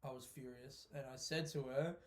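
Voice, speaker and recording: A man, a comedian, talking through a casual solo podcast monologue in an animated, sweary way, often laughing. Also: medium pitch, moderate pace. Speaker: stand-up comedian hosting his own podcast.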